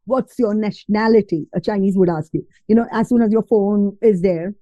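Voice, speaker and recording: Expressive Indian woman telling her story. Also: mid-range voice, brisk, dry recording, dull audio. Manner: expressive storytelling, mixing Hindi words into English. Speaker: podcast guest. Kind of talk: casual interview conversation.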